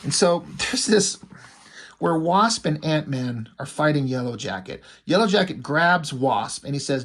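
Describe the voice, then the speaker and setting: A man with a somewhat high voice talks through a comic book page by page. He reads the characters' lines aloud and drops blunt, sometimes profane opinions between them, in a loose conversational way. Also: lively intonation, measured pace, fairly bright tone. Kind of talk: casual comic review narration.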